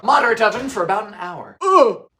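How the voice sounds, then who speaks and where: Narrating a funny baking video briskly, a young man from Bermuda speaks with his local accent in a campy, over-the-top manner. He swings from abrupt high-pitched squeals to flat, deadpan remarks.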